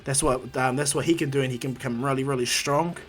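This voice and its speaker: A man's voice: medium pitch, steady tone, fast. A man casually retelling a fan-made story, rambling with many fillers and restarts.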